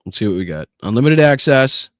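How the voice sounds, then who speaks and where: A man's voice: mid-range voice, sing-song, brisk, no echo, clean studio sound. A man hosting a political podcast livestream, talking casually and sarcastically, swearing and thanking viewers by name. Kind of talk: livestream commentary.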